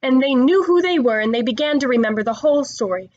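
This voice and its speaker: A woman's voice: sits high, lively intonation, fast talker, a little mellow, lo-fi sound. A woman reading a children's book aloud, often stumbling and restarting words. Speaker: narrator.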